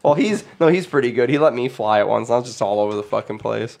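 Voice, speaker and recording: A man in a loose podcast conversation, laughing through his own stories and cursing casually. His voice sits at an ordinary middle pitch for a man, and he rambles from one thought to the next as he talks. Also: quick pace, gravelly, a little mellow. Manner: laughs often, swears freely, rambling storyteller. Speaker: podcast host. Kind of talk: casual chat.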